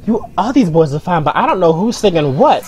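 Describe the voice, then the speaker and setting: A woman's voice: fairly low pitch, very animated, fairly quick, darkish tone. A young woman hosting a music video reaction vlog, talking casually and ranting in slang. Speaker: reaction channel host.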